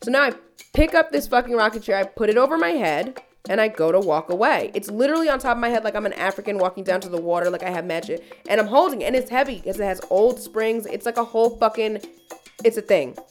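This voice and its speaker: A woman's voice: medium pitch, quick pace, faint music behind. A woman podcast host telling a story in casual chat, swearing freely and ranting. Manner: profane, heated storytelling rant.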